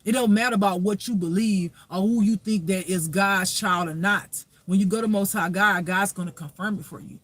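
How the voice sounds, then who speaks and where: A man's voice: high voice, normal speed, few pauses, a bit bright, dry recording. A man giving a spiritual reading as a life teacher, preaching emphatically with rhetorical questions.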